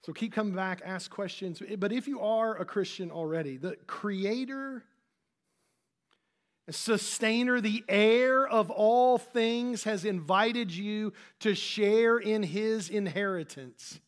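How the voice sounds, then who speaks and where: A man's voice: high voice, slow. A man pastor giving a conversational sermon, with frequent restarts and fillers.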